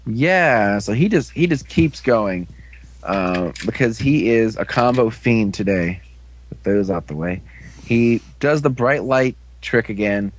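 A man's voice: fairly low pitch, expressive, slow, a little hiss or hum. A man casually recapping an episode as a podcast co-host, rambling with lots of fillers. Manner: rambling, filler-heavy storytelling.

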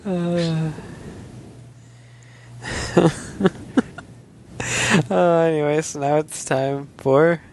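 A man co-hosting a casual chat among friends, swearing freely and ranting with animated energy. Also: fairly high pitch, very slow, long pauses, a little hiss or hum. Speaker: podcast co-host.

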